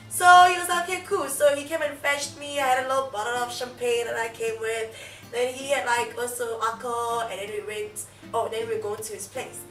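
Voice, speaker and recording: Speaking from a distance in an echoey room with faint music, this young South African woman, a YouTuber, chats her way through a story with lots of fillers and laughs. Her pitch is fairly high, her delivery flat, her pace fairly quick.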